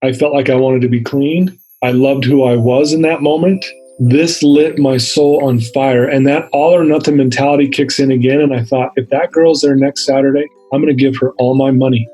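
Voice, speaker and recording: A middle-aged man tells his story as a podcast guest, earnest and candid, acting out the people he met. His voice is husky and slightly breathy. A little music sits faintly under him. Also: mid-range voice, steady tone, moderate pace, few pauses, warm tone, poor audio. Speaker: interview guest.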